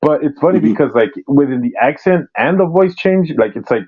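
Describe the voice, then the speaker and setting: A man in casual chat who talks haltingly, full of restarts and fillers. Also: on the high side, expressive, slightly rough, muffled recording. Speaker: panel participant.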